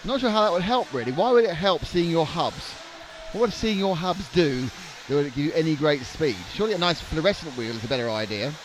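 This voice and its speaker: A man's voice: fairly high pitch, expressive, fairly quick. A young man doing live race commentary in a joking, rambling way, often stammering and restarting. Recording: noisy trackside broadcast.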